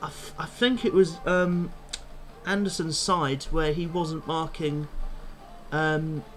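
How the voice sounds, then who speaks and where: Speaking slowly in a slightly high, steady tone, a young football fan vlogger rants angrily about the match he just watched. He's blunt and swears a lot, while soft music plays underneath.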